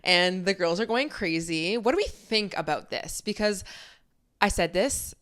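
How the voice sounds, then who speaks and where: Young woman podcasting from home, chatty, lots of "like", smooth clear voice. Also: mid-range voice, animated, measured pace, a bit bright. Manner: chatty and candid, heavy use of "like". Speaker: podcast host. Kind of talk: casual chat. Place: home, filming for video. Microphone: studio microphone.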